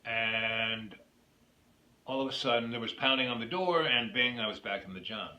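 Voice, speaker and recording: A YouTube host tells a rambling personal story on his own video that drifts off into opinions. His mid-range voice is pushed and bright at a moderate pace, recorded in an echoey room with faint noise.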